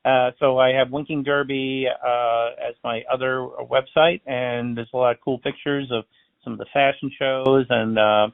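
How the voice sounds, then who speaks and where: A gravelly, chatty man speaks over a tinny phone line at normal speed and medium pitch, in a dry recording. He's a Florida balloon artist and magician telling stories in a casual interview, animated as he acts out the dialogue.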